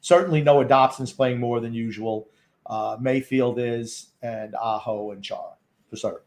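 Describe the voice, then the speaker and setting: Man, podcast co-host, casual hockey talk, dry wry remarks, mid pitch. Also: moderate pace, a little mellow. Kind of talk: casual sports commentary.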